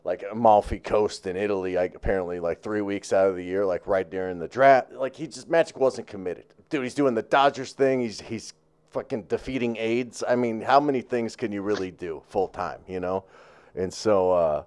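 A man's voice: on the low side, normal speed, darkish tone, smooth. A man co-hosting a sports chat show, talking in a rambling, profane way with lots of fillers and restarts.

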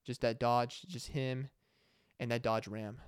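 A man's voice: mid-range voice, steady tone, measured pace, clear, resonant tone, no room sound, clean studio sound. A young man hosting his own podcast, talking alone in a rambling, joking way that turns emotional, with many restarts and fillers. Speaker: podcast host. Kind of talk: casual solo podcast monologue.

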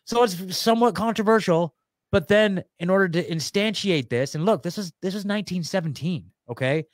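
A man's voice: sits high, brisk, no echo. A man appearing as a guest on a casual podcast, rambling and conspiratorial, with many fillers and restarts.

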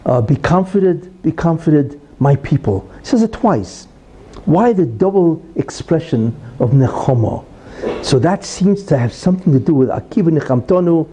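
A man teaching a Talmud lesson in an animated, questioning way, explaining through stories. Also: fairly high pitch, slightly rough, low-quality recording. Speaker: religious teacher.

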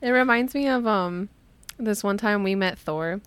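A woman's voice: mid-range voice, unhurried, clean tone, dry recording. A young woman co-hosting a podcast in casual chat, enthusiastic and giggly, with frequent "like" fillers. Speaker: podcast co-host.

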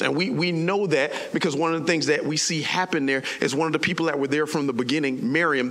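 A man's voice: a little high, bright, forceful tone. A man preaching a sermon as a pastor, telling the story animatedly in casual slang and acting out voices.

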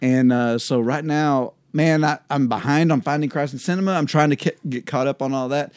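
A man's voice: mid-range voice, brisk, a little mellow, dry recording, clean studio sound. A middle-aged man co-hosting a podcast, chatting casually about Bible study in a rambling way that keeps restarting its sentences. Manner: rambling, self-interrupting, laughs easily. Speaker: podcast co-host.

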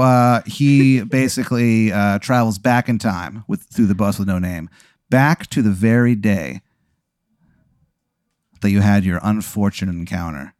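Guy hosting a podcast, rambly comedic storytelling, lowish voice, dead dry sound. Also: darkish tone, no room sound. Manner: rambling, lots of fillers and restarts. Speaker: podcast host.

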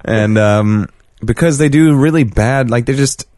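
A young man hosting a podcast in a casual chat, sardonic and deadpan, swearing often. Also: mid-range voice, measured pace. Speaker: podcast host.

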